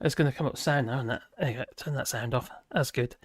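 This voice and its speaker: A woman's voice: rumbling low, fast talker, slightly rough. An older woman, hosting a live stream and chatting casually with viewers in a rambling, jokey, cheeky way.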